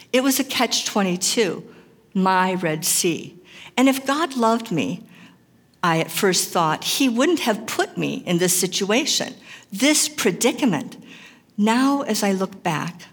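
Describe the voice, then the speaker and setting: A woman's voice: medium pitch, in a large hall. A woman giving an earnest, emphatic chapel sermon that mixes scripture with personal testimony. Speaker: chapel speaker.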